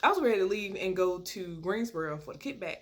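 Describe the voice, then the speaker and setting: Animated woman telling a story. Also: fast talker. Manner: animated, laughs while telling, jumps high for quoted lines. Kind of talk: casual storytelling. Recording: faint background noise.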